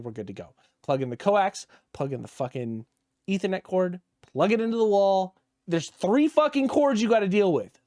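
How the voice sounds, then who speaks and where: A man on a casual gaming podcast ranting through a story with plenty of swearing. His voice sits a bit high for a man. The sound is dry and close, with no room echo. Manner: ranting, profane, animated storytelling. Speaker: podcast co-host.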